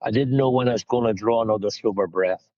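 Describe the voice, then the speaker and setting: A man's voice: fairly low pitch, fast talker, no room sound, dull audio. A man from Northern Ireland with a Northern Irish accent, a guest speaker telling his recovery story frankly, sitting in his parked car. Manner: candid, storytelling, self-mocking. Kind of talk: personal recovery talk.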